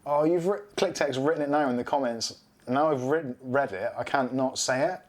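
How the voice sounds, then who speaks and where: A man's voice: medium pitch, a little fast. A middle-aged British man hosting a casual live stream, rambling chattily and reading out viewer comments.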